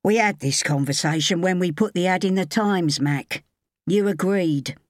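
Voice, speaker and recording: A woman voicing a kind, easygoing younger male assistant who speaks calmly and reassuringly. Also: on the low side, moderate pace, dry recording, clean studio sound, natural voice.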